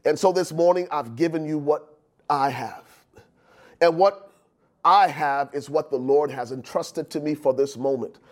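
A male pastor preaching a sermon, building to shouted climaxes and calling out to the congregation. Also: a little high, unhurried. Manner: preaching with swelling shouted climaxes and call-outs. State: out of breath.

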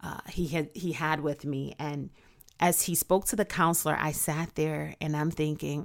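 A woman giving an earnest, reflective personal testimony, speaking slowly and deliberately. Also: low voice, gravelly. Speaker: speaker sharing her story.

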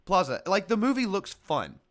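A man's voice: medium pitch, expressive, moderate pace, a bit bright. A man co-hosting a movie podcast in casual chat, hesitant and rambling as he shares his opinions. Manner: chatty, hesitant, lots of fillers and restarts. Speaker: podcast co-host.

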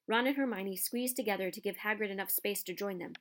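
A woman reading a storybook aloud, narrating with expressive pacing and a medium-pitched voice. She keeps the story moving and shapes each sentence with feeling. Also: fast.

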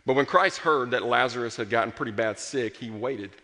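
A man delivers a sermon in an earnest, passionate way, building up to strong emphasis and then falling quiet. His voice is bright and forceful. It rings with a long reverb, as in a large hall. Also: mid-range voice, a little fast. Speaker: pastor.

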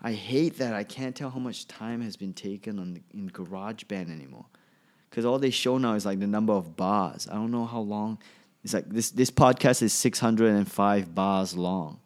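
A male comedian talks alone on his podcast, rambling and offhand, often trailing off and restarting sentences. His voice is lowish and darkish in tone, at a moderate pace.

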